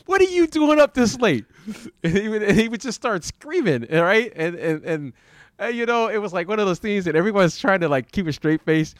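A man in his fifties, a former basketball player, hosting a casual podcast chat in a halting way, repeating words and laughing often. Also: sits high, animated, no echo, clean studio sound.

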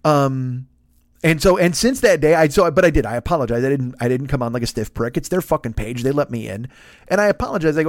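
Fast-ranting profane male comedian. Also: mid-range voice, expressive, no echo, studio quality. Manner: profane, ranting, acts out quotes. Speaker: comedian and podcast host. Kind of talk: casual profane rant.

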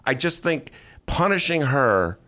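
Animated man hosting talk. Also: a little high, measured pace. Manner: animated, jokey, swings into mock voices. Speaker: podcast host. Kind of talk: casual chat.

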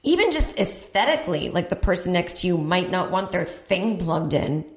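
Animated woman comedian telling a story. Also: normal speed, reverberant. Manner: animated, acts out voices with big pitch jumps. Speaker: podcast host and comedian. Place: home in Brooklyn.

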